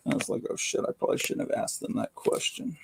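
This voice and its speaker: A hoarse man in his fifties hosting a rambling, casual late-night livestream from home, keeping his voice down. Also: fairly quick. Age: 50s. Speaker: livestream host.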